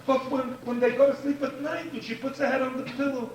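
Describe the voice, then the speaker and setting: A man's voice: very high-pitched, flat delivery, a little fast. A man giving a rabbinic lecture to an audience, emphatic and repeating key phrases for force. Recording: echoey room, distant mic, faint hiss.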